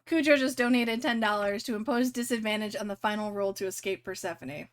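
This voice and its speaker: A woman's voice: mid-range voice, a little fast. A young woman running a tabletop game on a live stream, rambling with many fillers and restarts. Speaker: game master.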